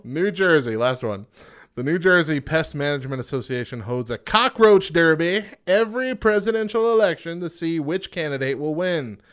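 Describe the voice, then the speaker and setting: A man's voice: a little high, lively intonation, normal speed, a bit bright, smooth. Male podcast co-host, casual, jokey trivia reader who laughs often. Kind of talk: casual chat, reading facts.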